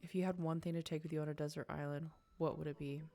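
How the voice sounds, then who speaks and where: A woman's voice: low voice, steady tone, quick pace, warm tone. Chatty woman reading a game aloud. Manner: chatty, wry asides, mild swearing. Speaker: gaming streamer reading a dating game aloud. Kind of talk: casual game playthrough with read-aloud dialogue.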